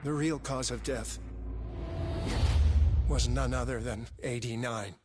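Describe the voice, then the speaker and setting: A man's voice: mid-range voice, fairly even intonation, slow, natural voice. A man playing a hesitant, guilt-ridden scientist. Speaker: research scientist. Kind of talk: dubbed game dialogue. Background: dramatic game music.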